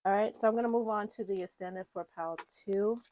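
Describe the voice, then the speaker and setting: A woman's voice: mid-range voice, fairly even intonation, fast talker, darkish tone, muffled recording, a little hiss or hum. A woman giving a casual, rambling tarot reading to her viewers, full of fillers and restarts. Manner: chatty, rambling, with fillers and self-corrections. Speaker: tarot reader.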